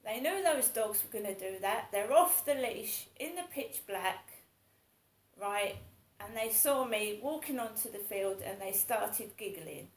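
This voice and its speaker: Lady in her 50s, gravelly voice, rambling and fed up, echoey room with a bit of hiss. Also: mid-range voice, expressive, measured pace. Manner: aggrieved, rambling, repetitive. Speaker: vlogger. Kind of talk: casual monologue.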